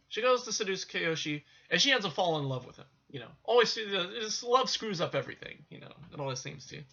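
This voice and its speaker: A man recaps a film's plot in a loose, rambling way, full of fillers and restarts. His voice sits a bit high and sounds sharply bright and tense. The recording is dull and lo-fi. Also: expressive, fairly quick, gravelly. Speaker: film reviewer.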